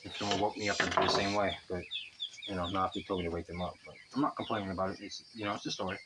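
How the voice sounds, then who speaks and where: Heavy background noise surrounds a young man vlogging outdoors by the water as he rambles through a long, profane, chatty story. His voice is deep and steady in tone, and he talks very fast.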